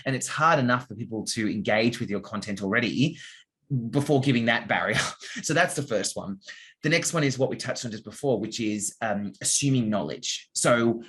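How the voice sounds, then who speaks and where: A man answering interview questions about copywriting in a relaxed, conversational way. His voice sits at a middle pitch for a man. He explains with everyday examples and drops into quick asides that act out how readers react.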